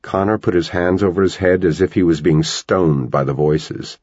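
A man reading a novel aloud as an audiobook narrator, in a measured storytelling manner. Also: low voice, a little mellow, breathy edge, no room sound, highs cut off. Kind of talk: scripted narration.

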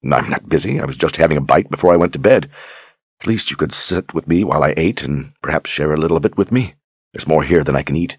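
Polite young lord who's a war wizard, super deep voice, earnest and direct, a man reading him in an audiobook. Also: quick pace, husky, no echo. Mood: friendly. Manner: plain, courteous and direct.

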